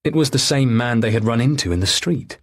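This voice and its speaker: A man narrating a mystery thriller audiobook in a steady, measured reading. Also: medium pitch. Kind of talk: scripted narration.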